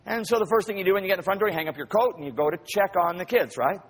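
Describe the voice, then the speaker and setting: A man's voice: high-pitched, expressive, rapid-fire, breathy edge. A man preaching a sermon who tells stories vividly, acts out scenes and keeps asking his listeners questions. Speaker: pastor.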